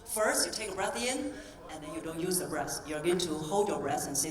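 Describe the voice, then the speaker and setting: A woman voice coach giving a live stage talk, coaching the audience through breathing exercises in a clear, encouraging tone. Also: deep voice, a little fast, slight background noise. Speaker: voice coach and keynote speaker. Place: convention hall stage. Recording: roomy hall sound from a distance.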